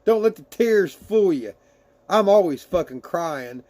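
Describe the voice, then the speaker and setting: A man's voice: high voice, lively intonation, unhurried, darkish tone. A man casually chatting with his livestream viewers and reading their messages aloud, laughing often and swearing freely.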